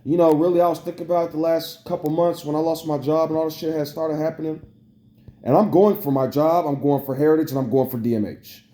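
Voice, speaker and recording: A man's voice: fairly high pitch, fairly even intonation, quick pace, warm tone. A young man, ranting to camera in a heated, profane, repetitive way. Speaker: vlogger. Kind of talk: angry rant to camera.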